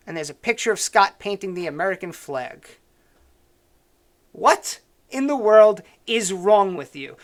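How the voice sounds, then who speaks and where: A man's voice: sits high, a bit bright. A man hosting a live-streamed news commentary show, ranting with sarcastic and preachy asides.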